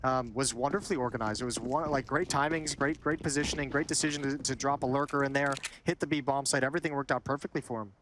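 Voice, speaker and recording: A man giving analytical color commentary on a match, chatty and quick, often repeating words as he thinks. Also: mid-range voice, fairly even intonation, fairly bright tone. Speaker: esports commentator. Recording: esports broadcast with clear background noise.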